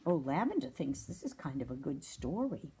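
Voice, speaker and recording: A woman hosting an animal rescue livestream, reading a children's story aloud with a gentle, chatty delivery. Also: low voice, very animated, moderate pace, background noise.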